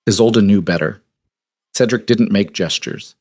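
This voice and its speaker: Low-voiced man narrating a romance. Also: moderate pace, darkish tone, dry recording, clean studio sound. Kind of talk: scripted audiobook narration.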